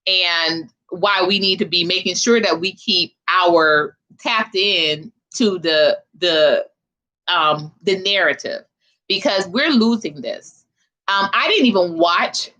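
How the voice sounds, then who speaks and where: A woman's voice: mid-range voice, sharp tone. A young woman from Philadelphia hosting a casual livestream, chatting loosely with viewers in a slangy, direct way. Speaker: livestream host.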